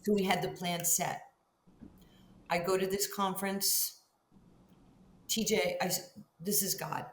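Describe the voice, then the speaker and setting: A middle-aged woman with a fairly low voice tells a story as an interview guest, acting out the back-and-forth of each conversation. She sounds roomy and a little distant, with a faint hum underneath. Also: measured pace, pauses often. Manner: animated storyteller who acts out both sides of conversations. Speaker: guest, Hall of Fame basketball player.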